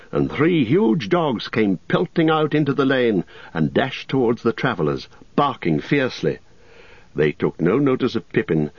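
A man narrating an audiobook in a measured, expressive storytelling manner. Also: lowish voice, breathy edge, dry recording. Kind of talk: audiobook reading. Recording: dull, dry close-mic audio.

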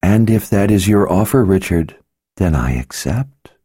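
A man voicing a sly, seductive woman in disguise who teases slowly and knowingly, in an audiobook. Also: deep voice, expressive, mellow, husky, no room sound, clean studio sound, heavily acted. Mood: sly teasing. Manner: teasing, knowing, unhurried.

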